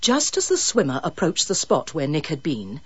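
Husky-voiced woman narrating a story. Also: low voice, huge pitch swings, moderate pace, no room sound, dull audio. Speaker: audiobook narrator. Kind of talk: scripted narration.

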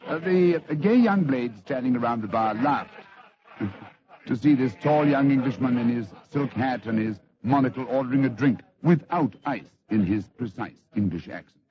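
A man's voice: medium pitch, lively intonation, moderate pace, a crowd in the background. A man telling a story in scripted radio narration, dramatic and theatrical, on a lo-fi old radio recording.

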